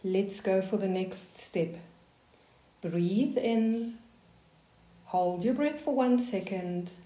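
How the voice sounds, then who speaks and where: Slow, calm woman coaching voice warm-ups. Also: mid-range voice, reverberant. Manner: slow, calm, soothing guidance. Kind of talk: guided voice warm-up instruction.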